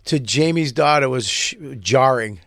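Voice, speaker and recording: A man's voice: medium pitch, lively intonation, slow pace, fairly bright tone. A man co-hosting a comedy podcast, asking questions and laughing often. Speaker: podcast co-host. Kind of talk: casual comedy podcast chat.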